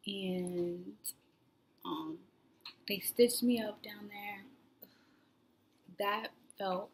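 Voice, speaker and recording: A woman's voice: mid-range voice, steady tone, very slow. Young woman, casual vlog storytelling, loose rambling delivery, faint hiss in the background. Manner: rambling, frequent "like" fillers, drops to soft near-whispers. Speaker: new mother vlogger.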